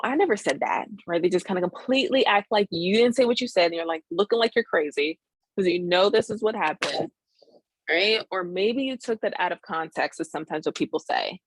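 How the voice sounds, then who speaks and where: A woman's voice: on the low side, breathy edge, no room sound, rough recording. A woman therapist teaching a live webinar over a video call, earnest, who keeps checking in with her listeners by asking "right?".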